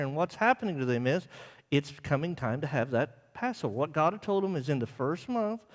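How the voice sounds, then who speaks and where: Conversational preacher in a reverberant church. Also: male voice, on the high side. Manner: conversational, asks the congregation "right?" often. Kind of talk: Bible class sermon. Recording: church live stream with long hall reverb.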